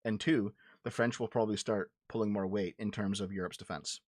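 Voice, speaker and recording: A man's low, steady voice comes through briskly on a dry, studio-quality recording. As a livestream show host, he argues politics casually with his chat, bluntly and with profanity, restarting and repeating words when he gets heated.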